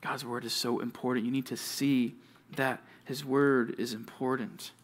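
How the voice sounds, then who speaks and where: A male youth pastor preaching to junior high students, telling stories with animation and talking straight to his listeners. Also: a little slow. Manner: animated storytelling, addresses listeners directly.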